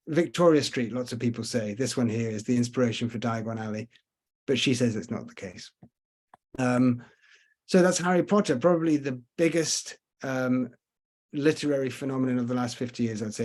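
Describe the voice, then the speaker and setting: Male tour guide, mid-pitched voice, relaxed and rambling, often stops to think mid-sentence. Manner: chatty, rambling, frequent pauses to think. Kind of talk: virtual tour talk over slides.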